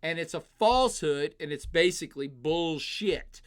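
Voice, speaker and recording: A man hosts a live stream, reading viewer questions aloud and answering them in a blunt, opinionated, off-the-cuff way. His voice sits a little high and comes through smooth and clear. He fills his pauses with frequent filler sounds and swears freely. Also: animated. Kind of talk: casual live-stream commentary.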